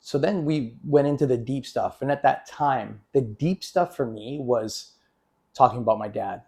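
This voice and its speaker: Earnest man with a mellow voice. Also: medium pitch, creaky. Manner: earnest, halting, with frequent restarts and repeated words. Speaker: emotional therapy consultant. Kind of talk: personal story told to camera. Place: office.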